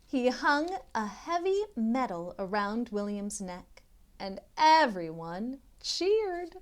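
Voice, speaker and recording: A literacy tutor with a slightly high voice reads a children's picture book aloud, taking it slowly. Her storybook delivery is expressive, with chatty asides to her young listeners.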